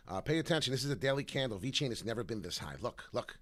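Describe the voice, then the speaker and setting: A man giving casual crypto chart analysis, loose and animated, tossing in "right?" constantly, his voice rough in the morning. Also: mid-range voice, fast talker. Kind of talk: casual livestream chart talk.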